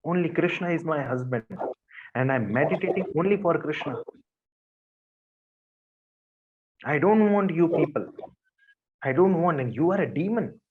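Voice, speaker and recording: A man's voice: a little high, lively intonation, moderate pace, a little hiss or hum, lightly acted. A man voicing an angry, devoted young woman ascetic who speaks in a raised, stern, scolding voice. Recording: dull lo-fi recording.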